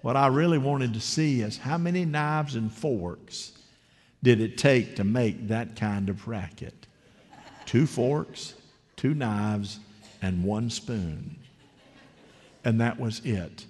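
Storytelling preacher in an echoing sanctuary. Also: male voice, medium pitch, slow pace, darkish tone. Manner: conversational, asks the congregation questions. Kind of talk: storytelling sermon. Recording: long hall reverb.

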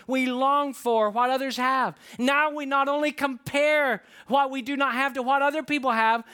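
A man's voice: very high voice, bright, forceful tone, clean tone. A middle-aged male pastor preaching a sermon in a folksy, conversational way, often asking the congregation questions.

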